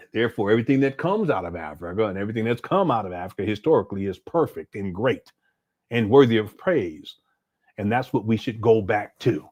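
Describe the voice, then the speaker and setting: A man hosting a reaction stream, sarcastic and exasperated as he talks back to a clip. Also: medium pitch. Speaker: commentary streamer. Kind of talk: reaction commentary.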